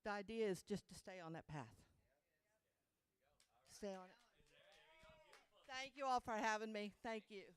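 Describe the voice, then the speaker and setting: A woman's voice: medium pitch, unhurried, long pauses. A woman telling a ghost story live to a bar crowd, earnest and laughing between phrases. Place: indoor bar.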